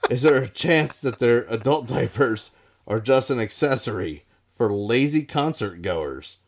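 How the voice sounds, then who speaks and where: A man co-hosting a casual podcast, his pitch swinging up and down lively as he jokes. He swears freely and keeps steering the talk with blunt, crude questions. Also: unhurried. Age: adult, foster parent. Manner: crude, joking, animated, heavy swearing. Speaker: podcast co-host.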